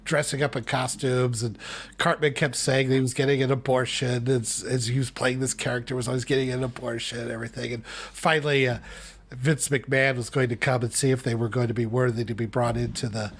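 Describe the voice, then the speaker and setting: A middle-aged man co-hosts a relaxed podcast conversation at an ordinary mid pitch. He rambles through his stories, restarting his sentences and wandering off into asides. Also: fairly quick, husky. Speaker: co-host. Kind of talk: casual podcast chat.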